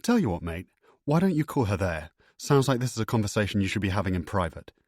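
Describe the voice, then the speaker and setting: A man's voice: fairly low pitch, very animated, fast, a little mellow, no echo, studio quality. A man reading an audiobook, voicing a casual, laid-back boyfriend who talks in a breezy, matey way.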